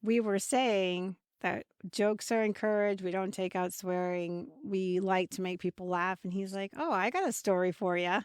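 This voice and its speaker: In a clean, dry studio recording, a woman co-hosts a podcast, chatting casually and laughing a lot. Her mid-range voice is clear, resonant and slightly mellow, moving at a normal pace with almost no pauses.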